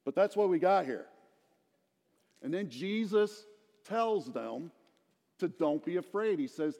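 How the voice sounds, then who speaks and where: Middle-aged male preacher, high voice, lively storytelling sermon, hall reverb. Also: slow pace, vocal fry, pauses often. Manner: animated storytelling, asks the congregation questions. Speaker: pastor.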